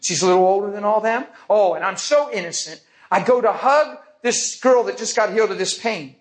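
Male preacher telling a testimony story, animated, acts out everyone. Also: high voice, brisk. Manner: animated, vivid storyteller acting out others.

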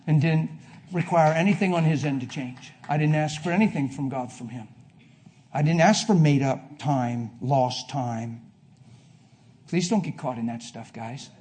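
A preacher giving a sermon to a congregation, telling a personal story, going from hushed to loud. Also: male voice, fairly high pitch, measured pace, pauses often, a little hiss or hum. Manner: emphatic, swings from hushed to loud. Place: before a live congregation.

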